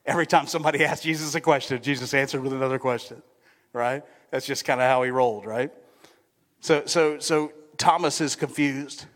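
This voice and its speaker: A man's voice: mid-range voice, fairly even intonation, a little fast, a bit bright. A male pastor preaching a sermon in a conversational manner, often checking in with the congregation. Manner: conversational, keeps asking the congregation "right?". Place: church sanctuary. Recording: long church-hall reverb.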